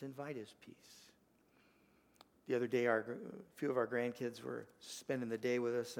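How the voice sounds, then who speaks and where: An older man preaching a sermon as pastor, earnest, swinging from loud emphasis to a hushed, gentle invitation. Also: mid-range voice, gravelly. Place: church sanctuary.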